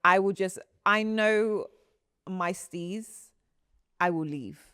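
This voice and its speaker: A woman's voice: mid-range voice, slow, fairly bright tone, smooth, no room sound, studio quality. A woman co-hosting a podcast in casual chat, giving frank, teasing advice full of slang. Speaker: podcast co-host.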